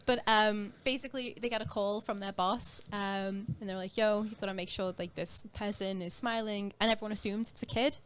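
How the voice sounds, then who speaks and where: A woman's voice: medium pitch, fairly even intonation, fairly quick, few pauses, clear, resonant tone. A young woman co-hosting a casual chat, rambling with many fillers and giggles. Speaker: co-host.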